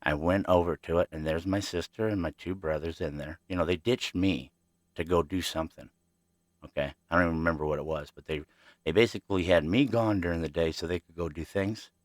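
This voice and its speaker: A man's voice: low-pitched, brisk, no echo, clean studio sound. A man hosting his own podcast, telling childhood stories in a rambling, chatty way and talking straight to his listeners. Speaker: podcast host. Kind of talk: casual storytelling.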